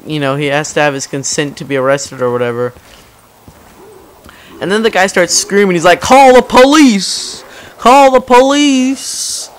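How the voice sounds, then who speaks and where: A young man chatting casually over gameplay, telling stories in a rambling way and acting out the people in them. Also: clear, resonant tone. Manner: rambling storytelling, acts out quotes in loud high voices. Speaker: gaming commentator.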